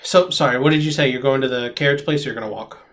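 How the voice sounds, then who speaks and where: A man's voice: mid-range voice, racing, fairly bright tone. A man acting as game master, narrating a tabletop game over voice chat with frequent ums and restarts.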